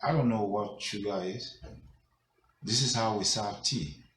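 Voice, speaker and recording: A man's voice: fairly low pitch, a little slow, fairly bright tone, echoey room, a little hiss or hum, rough recording. A man voicing a curious, naive male shop attendant who sounds puzzled and asks a lot, in a slightly raised voice. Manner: puzzled, asking.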